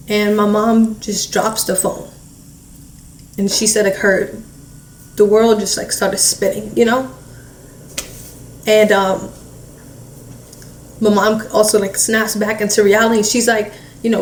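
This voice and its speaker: A woman recounting a painful family event in halting speech, with many fillers, acting out what relatives said. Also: mid-range voice, little pitch movement. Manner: halting, heavy filler "like", re-enacts relatives' words. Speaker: family member recounting a loss. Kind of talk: emotional personal storytelling. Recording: echoey room, distant mic, faint hiss.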